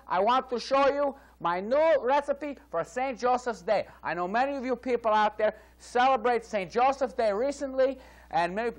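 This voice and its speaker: A man voicing a hammy male TV chef who puts on a phony Italian accent and chats boastfully through a spoof cooking segment. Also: extremely high pitch. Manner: chatty, boastful, laughing at his own jokes.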